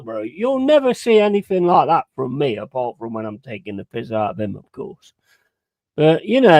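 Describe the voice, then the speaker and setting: With a fairly high, sing-song voice at normal speed and a dry recording, a man commentates live on a football match as a watch-along. Frustrated and ranting, he swears a lot, chats with his viewers, and gives them shout-outs.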